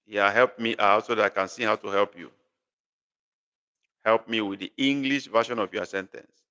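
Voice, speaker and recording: A man's voice: on the low side, fairly even intonation, moderate pace, pushed and bright, clean tone. A man teaching a live online language class, patiently repeating and correcting a student's sentences. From Nigeria. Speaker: language tutor.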